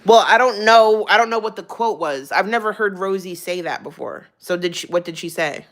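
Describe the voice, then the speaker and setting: A woman's voice: medium pitch, a little fast, a bit bright. A young woman streamer ranting casually on a livestream, swearing freely, rambling and laughing often.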